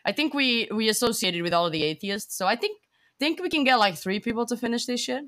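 A woman co-hosting a podcast, chatting casually and cracking teasing, deadpan jokes. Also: a little high, fast. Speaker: podcast co-host. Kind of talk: casual chat.

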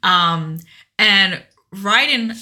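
A woman co-hosting a casual podcast, retelling a story in an animated way with lots of fillers. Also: medium pitch, drawn-out words. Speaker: podcast co-host. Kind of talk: casual chat.

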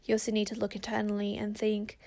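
Fast-talking chatty woman with vocal fry. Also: mid-range voice, monotone, a little mellow. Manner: chatty, rambling, filler-heavy. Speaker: podcast host. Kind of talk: casual advice chat.

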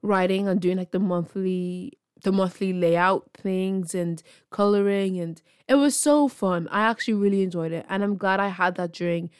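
A young woman talks through her own podcast in a loose, chatty way. She is self-deprecating and encouraging, and she laughs easily. Her voice sits at a middle pitch and is recorded close and dry, with no room sound. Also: fairly even intonation, normal speed, few pauses, clean tone, no echo. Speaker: podcast host. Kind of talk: casual solo podcast chat.

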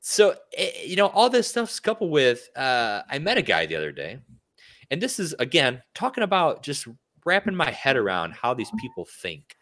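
A man hosts a podcast and rants in a casual, heated way, piling up rhetorical questions. His pitch swings widely while staying mid-range for a man. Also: huge pitch swings, moderate pace, a bit bright. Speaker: podcast host. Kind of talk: casual opinion rant.

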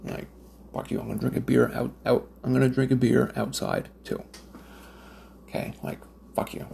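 Man, from Nova Scotia, gravelly fry, profane rambling rant, casual monologue, faint noise. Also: mid-range voice, flat delivery, moderate pace, warm tone. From Nova Scotia, Canada. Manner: profane, rambling, lots of fillers and restarts. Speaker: smoker telling stories.

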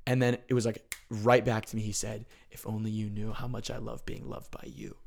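A man sharing stories of prayer in a casual, earnest conversation, often restarting his sentences and growing animated when excited. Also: on the low side, a little fast, gravelly, few pauses.

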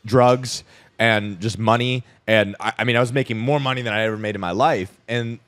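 A young man with a fairly low voice tells a long personal story as a podcast guest. He rambles loosely, leans on "like" and swears casually. The recording is close and dry. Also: steady tone, a little fast, a bit bright, no echo.

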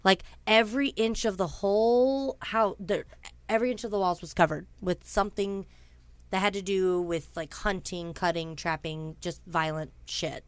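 A woman's voice: medium pitch, fairly even intonation, moderate pace, no echo. A woman casually telling a true-crime story to a co-host, chatty and blunt, swearing freely, with frequent ums and asides. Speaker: podcast host.

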